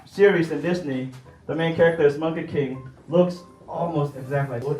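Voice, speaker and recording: A man's voice: fairly high pitch, brisk. A man making a playful, laughing introduction of a guest speaker. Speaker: event host introducing a guest. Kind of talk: casual introduction. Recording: echoey room, distant mic, faint music.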